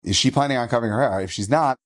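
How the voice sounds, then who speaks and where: A man's voice: mid-range voice, rapid-fire, voice pushed down, natural voice. A man voicing a firm old rabbi. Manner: calm and firm, brooks no bargaining. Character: elderly male rabbi, firm and principled.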